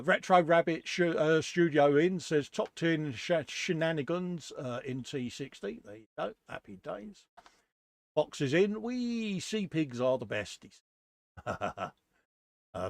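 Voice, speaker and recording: A man's voice: mid-range voice, no echo. Chatty man greeting stream viewers. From United Kingdom. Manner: reads out chat messages and greets viewers one by one. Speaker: co-host of a live stream. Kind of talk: casual live-stream chat.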